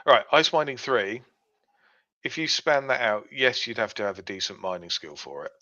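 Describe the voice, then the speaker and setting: This man co-hosts a podcast, casually explaining things one step at a time and filling gaps with fillers. He speaks at a moderate pace in a lowish voice with lively intonation, sounding pushed and bright, though the recording is dull and lo-fi.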